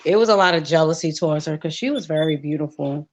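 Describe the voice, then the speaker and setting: A calm, earnest woman co-hosting a casual podcast, her voice very low for a woman. She makes her points steadily and sincerely. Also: fast talker, highs cut off. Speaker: podcast co-host. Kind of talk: casual chat.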